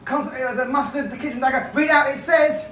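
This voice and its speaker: Brisk and fairly bright, this woman's voice sits high over slight background noise. Performing magic and comedy at a comedy club, she playfully leads a volunteer through a funny story before a live audience, her voice echoing from a distance.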